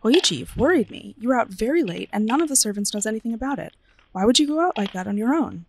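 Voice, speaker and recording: A woman's voice: fairly high pitch, lively intonation, fast talker, a little hiss or hum. A woman voicing a worried male temple priest in a storybook reading, concerned and firm.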